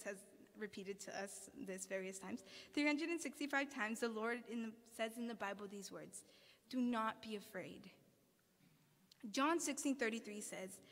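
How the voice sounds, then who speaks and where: An earnest woman delivers a sermon to an assembled audience, reading scripture and asking pointed questions. Her voice sits fairly high. Long reverb trails each phrase through the hall. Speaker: student speaker.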